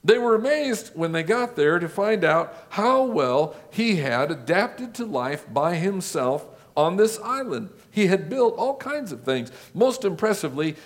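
A male pastor preaching a sermon, building his points with lists and rhetorical questions. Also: high-pitched. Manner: rhetorical questions, measured listing.

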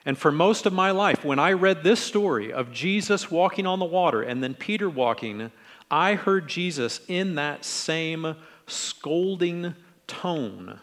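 Friendly, slightly high-voiced middle-aged preacher. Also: male voice, long reverb tail. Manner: relaxed, friendly, acts out quoted lines in different tones. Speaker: pastor. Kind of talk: conversational sermon.

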